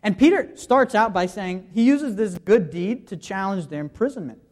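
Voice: medium pitch, animated, normal speed, darkish tone. A preacher giving a sermon, walking listeners through scripture passages and posing rhetorical questions to the congregation.

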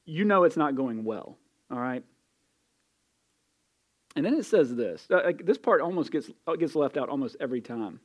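A man's voice: on the high side, lively intonation, moderate pace, pauses often. A man preaching a sermon as pastor, conversational and emphatic, with casual asides to the congregation. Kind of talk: expository sermon.

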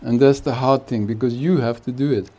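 A man speaking as a spiritual teacher at a retreat, giving an unhurried satsang talk with jokes and chuckling between his thoughts. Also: medium pitch, steady tone, dark tone. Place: retreat hall.

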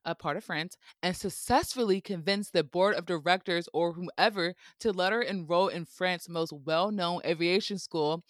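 Here a casual host banters through history podcast narration, playful and full of jokey asides and laughter. The voice is medium-pitched and the recording dry and close.

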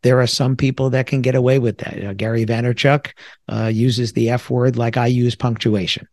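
A man's voice: medium pitch, fairly even intonation, fairly quick, darkish tone, no echo. A middle-aged man from the New York area hosting a solo podcast, talking things through in a reflective, conversational way with self-deprecating asides. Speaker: podcast host.

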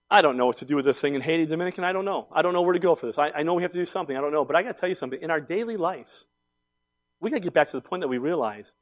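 A man in his fifties preaching a sermon, telling personal stories in an animated, emphatic way that swings from quiet asides to loud outbursts. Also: on the high side. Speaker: pastor.

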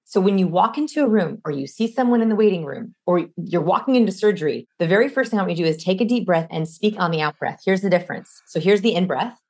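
A young adult woman, appearing as a guest expert on communication, explains things energetically in an interview. Her voice is on the low side and quick with hardly any pauses, and she demonstrates different voices mid-sentence.

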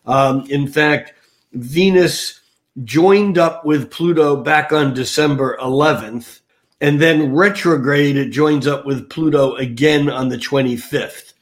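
A man's voice: a little high, slow pace. An older man, an astrologer on a podcast, talking casually with many fillers and restarts. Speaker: astrologer guest.

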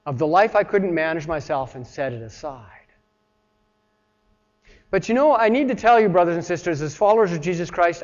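A man preaching a sermon in an earnest, plain-spoken way, talking straight to his listeners and acting out voices when he quotes someone. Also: high voice. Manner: acts out voices when quoting. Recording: dull sound with long reverb.

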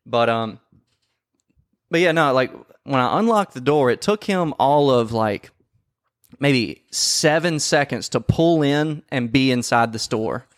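A man telling a story in casual podcast chat, swearing often and acting out quoted lines loudly. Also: medium pitch, unhurried, no echo, clean studio sound. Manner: profane, animated, acts out quotes loudly. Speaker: podcast co-host.

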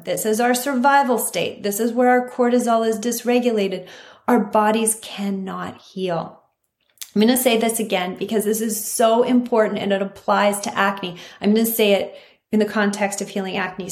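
Earnest woman health coach, roomy sound. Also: mid-range voice. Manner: earnest, emphatic, repeats key points. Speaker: naturopathic doctor hosting a podcast. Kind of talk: scripted health talk. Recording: roomy echo.

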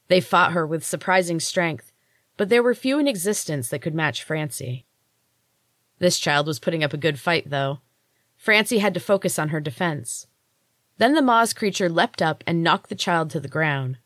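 A woman narrates her own fantasy story in a low, steady voice. The reading is measured and even, recorded dry and close to the mic. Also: no echo. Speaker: podcast host and author reading her fiction. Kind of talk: audiobook narration.

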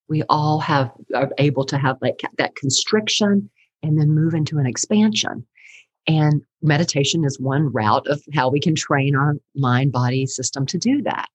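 A middle-aged woman, a counselor and teacher, telling her story in an animated, chatty way during a podcast interview, laughing often. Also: sits low, slightly rough, no room sound, low-quality recording.

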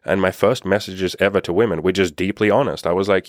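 Blunt deep-voiced man, dry close sound. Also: fairly even intonation, fast, no room sound. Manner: blunt, profane, impassioned. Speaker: dating coach. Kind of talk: casual vlog monologue.

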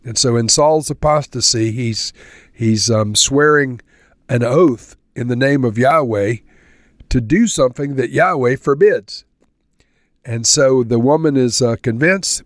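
An earnest male Bible teacher who talks his way through scripture in a conversational tone, stopping to explain each passage. His voice sits at an ordinary middle pitch. The recording is close and dry, with no room sound. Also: measured pace, dry recording. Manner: conversational, earnest, reads verses aloud then explains; ends in spoken prayer. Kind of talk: verse-by-verse Bible commentary.

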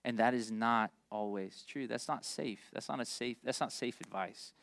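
A man in his thirties preaching a sermon, animated and jokey, telling stories with quick asides. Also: mid-range voice, vocal fry, no echo. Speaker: pastor.

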